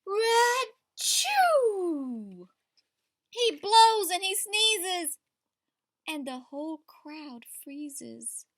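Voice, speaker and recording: A woman teacher with a high, bright voice reads a picture book aloud to children. She reads slowly and with expression. She stops often to ask the children questions. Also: animated.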